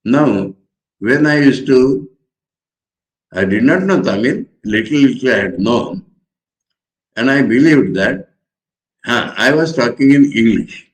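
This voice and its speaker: A man's voice: medium pitch, expressive, slow pace, pauses often, poor audio. A man with an Indian accent, a Marathi speaker, giving a spiritual lecture as a monk and wandering through personal anecdotes. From Maharashtra, India. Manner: digressive, storytelling, thoughtful.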